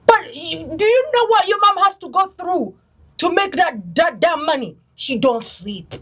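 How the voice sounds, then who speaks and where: Woman guest, emphatic and animated, high voice that moves a lot. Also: moderate pace. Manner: animated, emphatic, mixing languages. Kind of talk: casual interview chat.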